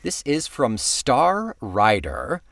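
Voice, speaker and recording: A man co-hosting a music podcast, reading listener mail and plugging the show in a relaxed, chatty way. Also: medium pitch, extremely slow, gravelly, no room sound, studio quality. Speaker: podcast co-host. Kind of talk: casual chat.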